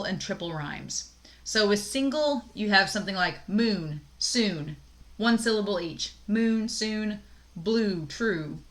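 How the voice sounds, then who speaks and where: A woman's voice: mid-range voice, sharp tone. A woman instructor giving a recorded college lecture on poetry terms, explaining casually with fillers and small laughs.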